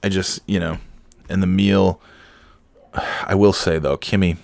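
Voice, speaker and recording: Sick middle-aged male podcaster, deep, gravelly, dry mic, rambling and self-mocking. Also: level tone, a little slow, a little mellow, no room sound. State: sick, holding back coughing fits; half awake. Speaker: podcast host. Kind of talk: casual solo podcast monologue. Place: home with kids heard in the background.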